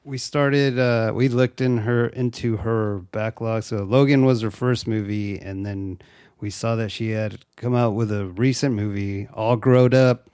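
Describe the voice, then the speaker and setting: A young man from Mexico, a native Spanish speaker, co-hosting a casual movie review chat in a joking, profane, animated way. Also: on the low side, measured pace, clear, resonant tone, no room sound, clean studio sound. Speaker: co-host.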